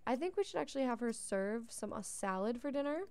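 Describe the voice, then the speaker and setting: A woman's voice: a little high, animated, a little fast, a little mellow, clean tone, no room sound. A young woman giving casual, chatty gameplay commentary as a let's play host, talking to the characters on screen and yawning often. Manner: chatty, talks to the game characters. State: yawning a lot.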